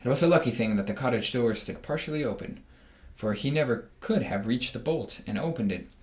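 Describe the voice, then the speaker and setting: A man's voice: mid-range voice, brisk. Man reading a storybook aloud, echoey room. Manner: reads with lively voices for the animals.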